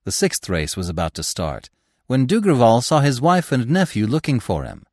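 Male narrator, classic-tale audiobook, highly animated delivery, dry close sound. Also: normal speed, no echo. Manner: expressive, theatrical. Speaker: audiobook narrator, podcast host. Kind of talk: dramatic audiobook reading.

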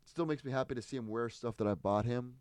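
A man's voice: mid-range voice, fast, a little mellow, clear, resonant tone, dry recording. A man chatting casually as a podcast co-host, telling stories in a rambling, amused way, restarting and interrupting himself. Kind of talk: casual chat.

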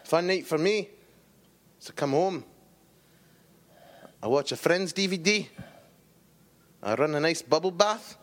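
A man's voice: fairly high pitch, a little slow, long pauses, a bit bright. A man doing a teasing Scottish voice as his Glaswegian cousin, laughing as he jokes. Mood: boastful. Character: cheeky Glaswegian man, Friends-loving cousin.

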